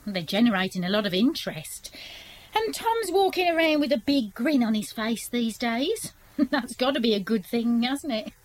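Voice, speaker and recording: A woman's voice: fairly high pitch, lively intonation, normal speed, lightly acted, low-quality recording. A woman playing a chatty village woman.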